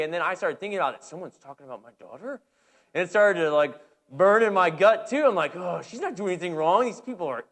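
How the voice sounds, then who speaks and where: A man in his thirties, a pastor, telling a personal story in a conversational, animated sermon with many restarts. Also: fairly high pitch.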